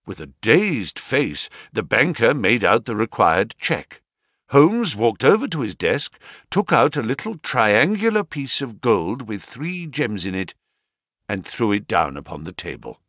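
A man narrating a classic detective story as an audiobook in an expressive storytelling manner. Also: medium pitch, measured pace, slightly rough, no room sound, studio quality. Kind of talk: scripted narration.

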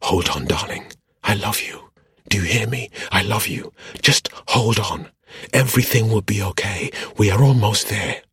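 A man voicing a woman who softly whispers comfort to her dying lover. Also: fairly low pitch, normal speed, breathy edge, dry recording, clean studio sound, pitched above the performer's own voice, full character voice. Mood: tender. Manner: soft, whispering, pleading.

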